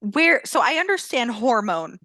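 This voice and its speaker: A giggly woman co-hosting a casual fan-fiction book chat, her voice sitting a little high. She laughs through many lines. The sound is dry and close, with no room around it. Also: very animated, moderate pace, pushed and bright, no room sound. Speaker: podcast co-host.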